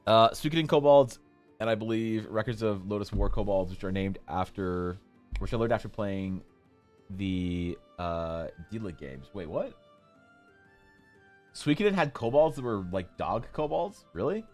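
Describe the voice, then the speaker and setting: A man with a fairly low voice runs a casual drawing livestream and banters with his chat. He jokes in mock outrage and now and then bursts out loud. Soft music plays faintly behind him. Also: expressive, measured pace. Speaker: artist streaming while drawing.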